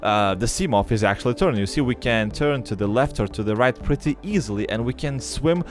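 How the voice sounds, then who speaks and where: A man's voice: medium pitch, expressive, brisk, soft background music. A young man with a non-native English accent, giving game commentary and explaining step by step with many fillers. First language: not English. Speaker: gaming YouTuber.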